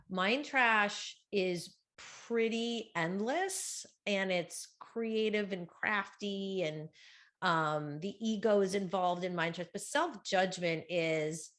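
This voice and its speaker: A middle-aged woman with a loud, projecting voice, giving a chatty motivational talk at a women's conference. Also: fairly low pitch. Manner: chatty, with fillers and quick asides. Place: conference room, live talk.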